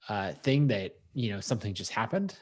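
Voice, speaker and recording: A man's voice: lowish voice, big pitch swings, fairly quick, no echo, studio quality. A man co-hosting a podcast in casual conversation, reflective and thinking aloud with fillers. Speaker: podcast co-host.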